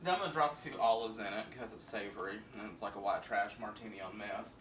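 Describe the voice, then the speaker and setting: A man's voice: on the low side, fast talker, a bit bright, slight background noise. A man from Tennessee, hosting a camp, rambling, crude comic drinking-game video from his bedroom. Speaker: vlog host. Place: bedroom at home.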